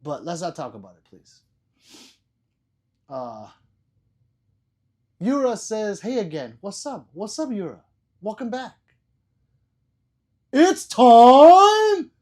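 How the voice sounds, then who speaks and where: Joking livestream host reading chat aloud. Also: male voice, sits high, very animated, unhurried, pauses often, darkish tone, breathy edge. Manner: reads viewer chat aloud, joking and laughing; loose and profane.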